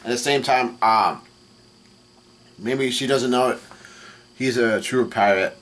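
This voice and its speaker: A man casually recapping a comic chapter as he reads, stumbling over names and restarting lines often. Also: mid-range voice. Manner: halting, full of restarts and fillers, reads quoted lines flatly. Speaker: manga reaction vlogger. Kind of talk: casual recap while reading.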